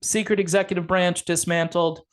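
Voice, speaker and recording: A man talking straight to his viewers in a loose commentary video, sarcastic and rambling as he goes. His voice sits high for a man. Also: fairly even intonation, moderate pace. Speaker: political commentator. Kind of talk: casual political commentary.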